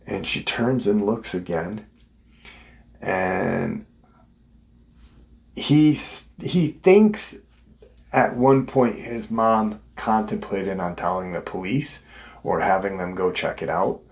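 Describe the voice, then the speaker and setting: A man's voice: lowish voice, slow pace, creaky, long pauses. A man hosting a paranormal channel, casually retelling someone's story in an unscripted way, with frequent ums and restarts. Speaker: host of a paranormal encounter channel.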